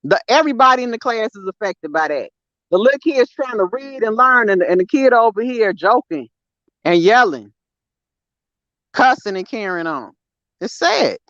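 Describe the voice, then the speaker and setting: A woman's voice: fairly high pitch, animated, normal speed, fairly bright tone, no echo. A woman, co-hosting a casual podcast chat, talking bluntly and emphatically with plenty of slang. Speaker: podcast co-host. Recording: dry, slightly dull sound.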